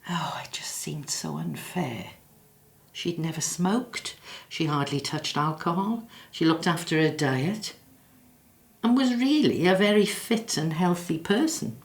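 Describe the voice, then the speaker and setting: An actress playing a bereaved middle-aged South Welsh woman who speaks in a halting, reflective way and apologizes as she comes close to tears. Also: low voice, expressive, vocal fry, heavily acted. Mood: sorrowful. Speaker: bereaved daughter interviewed in her office. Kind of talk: filmed drama monologue. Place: quiet office after hours.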